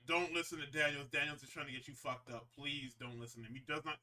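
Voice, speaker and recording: A man co-hosting a podcast, casually recapping wrestling shows in an animated, profane way and slipping into quick impressions. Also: medium pitch. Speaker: podcast co-host.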